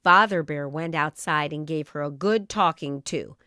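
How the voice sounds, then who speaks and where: A woman reading a children's story aloud in an expressive, animated storytelling manner. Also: low voice, normal speed, clear, resonant tone, dry recording, clean studio sound.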